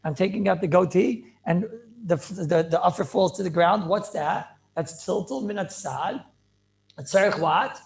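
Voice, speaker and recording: A man, a rabbi, teaching a Talmud class over a video call in an excited, rapid way, repeating himself and asking rhetorical questions. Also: high-pitched, vocal fry. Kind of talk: animated yeshiva-style lecture.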